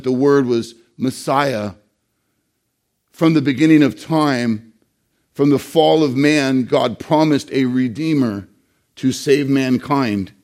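A man pastor preaching a sermon, earnest, slowing down to stress key phrases and sometimes repeating words. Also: a little high, darkish tone.

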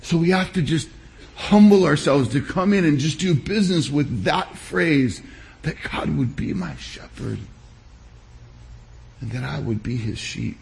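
A pastor giving a sermon, preaching in a measured, emphatic way with deliberate pauses. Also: male voice, fairly high pitch, expressive, creaky.

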